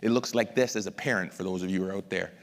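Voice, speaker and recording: At an education masterclass, a middle-aged man gives a lively lecture, speaking directly to the audience and acting out examples. He talks rapid-fire in a low voice, and the room adds a long hall reverb.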